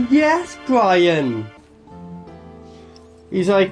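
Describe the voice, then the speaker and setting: A man giving casual reaction commentary on a TV episode, excitable and sweary, padding his talk with "like" and "you know what I mean". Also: high-pitched, takes it slowly, long pauses, faint music behind. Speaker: reaction video host.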